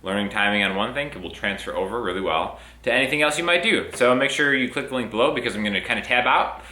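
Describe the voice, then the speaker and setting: A man's voice: mid-range voice, animated, fast, pushed and bright. A young man teaching a casual guitar lesson in an upbeat way, counting beats aloud while he plays. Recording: roomy with guitar playing.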